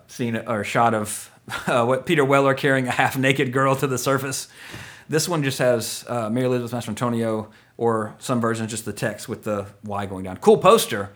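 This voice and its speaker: A man's voice: medium pitch, a bit bright. A man hosting a podcast in casual chat, rambling and joking, often correcting himself mid-sentence. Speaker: podcast host.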